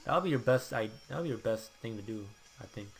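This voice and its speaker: Young male game commentator, mid-pitched, excitable, jumps from mutters to outbursts. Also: brisk, gravelly. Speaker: gameplay commentator. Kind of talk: live gameplay commentary.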